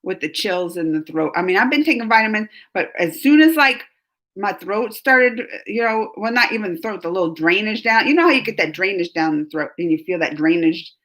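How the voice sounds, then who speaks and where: A woman's voice: mid-range voice, expressive, brisk, a bit bright. A chatty woman, feeling a bit sick and rambling through a casual live chat with viewers, laughing often. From New Orleans, USA. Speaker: livestream host reading chat.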